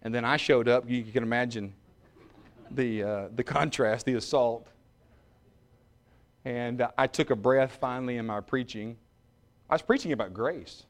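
A man preaching a sermon, dropping to quiet, joking asides and rising to shouted peaks. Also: mid-range voice, normal speed, pauses often. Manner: humorous, self-mocking asides.

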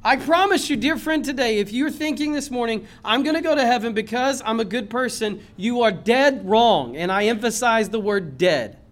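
A man preaching a sermon in a church, impassioned, swinging from loud emphasis to low earnest tones. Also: expressive, a little fast, hardly any pauses. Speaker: pastor.

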